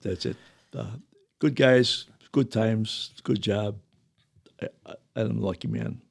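A man's voice: fairly low pitch, slow pace, vocal fry, husky. An older man, a retired firefighter telling rambling, chuckling stories. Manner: rambling, chuckling anecdotes with restarts. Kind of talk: casual storytelling.

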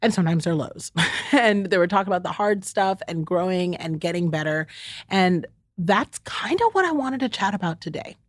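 A woman in middle age talks openly to her listeners, as if speaking to a friend. Her voice sits a little low. The recording is dry and close, with no room sound. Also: animated, moderate pace, no echo. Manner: warm, candid, talks straight to the listener as "friend" and "y'all". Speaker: podcast host. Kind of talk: heartfelt solo chat to listeners.

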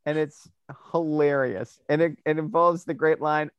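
A man co-hosting a music podcast, talking in an animated, opinionated way and stammering when he gets excited. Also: on the high side, moderate pace, smooth, no room sound, lo-fi sound. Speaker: podcast co-host. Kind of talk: casual music chat.

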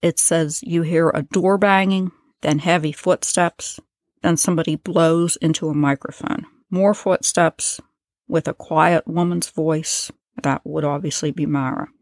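This low-voiced woman hosts a podcast, relaxing into a true-crime tale at a measured pace and breaking off to clarify transcript excerpts. Her audio is close and dry, free of any room ambience.

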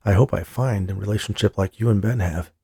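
A man voicing a charming male medium who speaks gently and reassuringly. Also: lowish voice, a little fast, vocal fry, husky, dry recording, studio quality, exaggerated voice. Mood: friendly.

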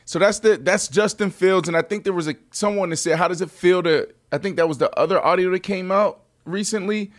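A man hosting a casual sports podcast, talking in an animated, emphatic way and often restarting his sentences. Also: sits high, fairly quick, hardly any pauses. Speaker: podcast host.

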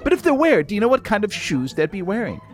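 A woman's voice: medium pitch, big pitch swings, fast talker. A woman co-hosts a scripted kids' podcast as a goofy punster. Her voice swoops all over the place, playful and bouncy. Faint music sits behind her. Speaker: co-host.

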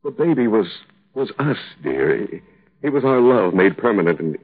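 A grieving, pleading husband. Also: male voice, lowish voice, sing-song, moderate pace, breathy edge. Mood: urging. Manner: earnest, pleading, tender. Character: grieving young husband, gentle and persistent. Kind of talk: 1950s radio drama acting. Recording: tinny old radio broadcast.

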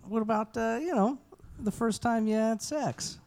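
A man with a fairly high voice banters teasingly as a podcast co-host. He reads a show plug casually and trips over his words. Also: unhurried, gravelly, darkish tone.

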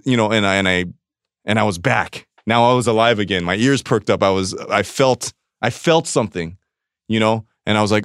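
A man's voice: on the low side, moderate pace, fairly bright tone, dry recording, studio quality. A man, a guest on a podcast, telling a candid confessional story in a rambling, profane way, often quoting himself and restarting his sentences.

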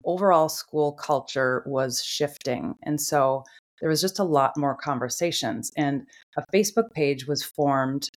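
Woman, podcast host, casual storytelling, animated, low voice. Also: a little slow. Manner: animated, laughs while telling stories.

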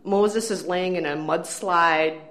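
A woman's voice: lowish voice, slow pace, a bit bright. A woman co-hosting a movie podcast, reviewing films in casual chat with a wry, sarcastic, enthusiastic manner. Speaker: podcast co-host, film critic. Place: empty office room.

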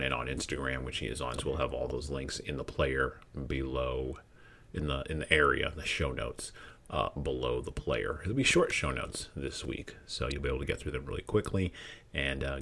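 A man hosting a podcast, wrapping up an interview in a relaxed way with frequent fillers. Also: rumbling low, moderate pace, gravelly, a little hiss or hum. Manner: relaxed, loose closing wrap-up with fillers. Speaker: podcast host.

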